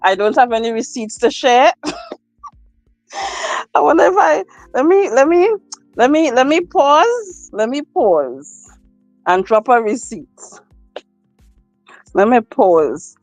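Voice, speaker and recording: Her voice sits high and sing-song as she hosts a relaxed live chat, reading viewer comments slowly, often repeating herself and laughing. The phone recording is poor, with no echo and soft music playing behind.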